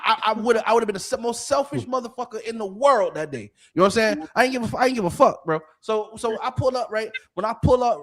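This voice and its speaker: A man from Florida with a notably high voice spins a story on a casual podcast. He swears constantly and keeps the telling animated, checking in with his listeners over and over. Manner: profane and animated, repeating "you know what I'm saying". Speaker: podcast co-host.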